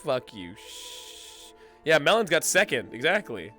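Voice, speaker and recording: Hoarse, animated man in loud banter. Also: on the high side, measured pace, faint music behind. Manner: loud, crude and joking. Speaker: streamer. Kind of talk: casual roleplay banter.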